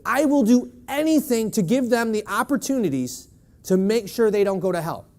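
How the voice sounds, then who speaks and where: Man preaching in church, pitched high, emphatic and questioning the congregation. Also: lively intonation, normal speed, darkish tone. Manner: emphatic, with rhetorical "right?" questions. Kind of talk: sermon.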